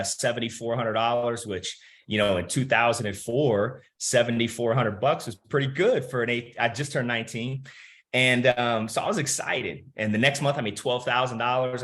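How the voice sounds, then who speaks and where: A man in his thirties, a motivational speaker, telling his life story to an audience and acting out the dialogue. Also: medium pitch. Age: 30s. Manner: animated storytelling, acts out quoted dialogue. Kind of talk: personal story talk to an audience.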